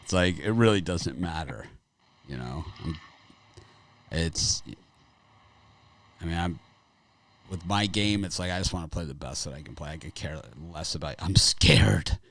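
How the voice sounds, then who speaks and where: A man's voice: sits low, animated, normal speed, long pauses. Rambling, chuckling middle-aged man. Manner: rambling, laughing often. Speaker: sports betting show host. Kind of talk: casual chat.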